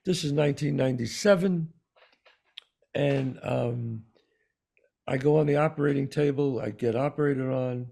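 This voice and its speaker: A man with a New York accent, co-hosting a talk show and telling a personal story in an animated way, acting out the voices of the people in it. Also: medium pitch, moderate pace, creaky, pauses often. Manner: animated storyteller, acts out quoted dialogue. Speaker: podcast co-host. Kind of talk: storytelling in casual conversation.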